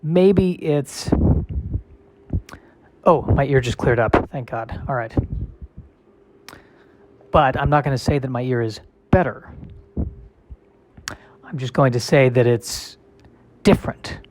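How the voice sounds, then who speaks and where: A man's voice: medium pitch, slow, pauses often, a little mellow, a little hiss or hum. Wry rambling male comedian. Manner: rambling, self-deprecating, wry. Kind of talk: casual solo comic monologue.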